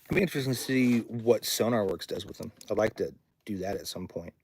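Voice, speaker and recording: A man's voice: on the low side, fairly quick, darkish tone, a little hiss or hum. A man who runs a recording studio, chatting casually on a livestream, rambling and reading viewer comments aloud in his home studio.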